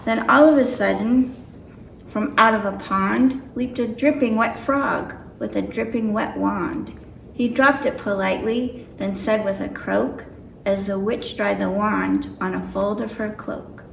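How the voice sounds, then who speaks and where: A woman reads a picture book aloud with careful, slightly nervous delivery, her medium-pitched voice steady, creaky, and a little slow. The mic is far off, giving a roomy echo along with a little hiss or hum.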